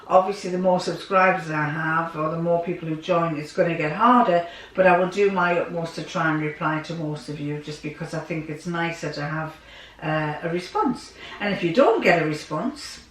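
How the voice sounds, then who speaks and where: A woman's voice: on the low side, normal speed, far from the mic. A woman in her sixties chatting casually to her viewers in a rambling way, often repeating herself. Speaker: sewing vlogger. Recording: echoey room, away from mic.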